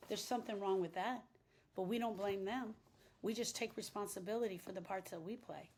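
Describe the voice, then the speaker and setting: Husky woman, impassioned grief talk. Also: mid-range voice, brisk, a little mellow. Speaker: grief coach and podcast host.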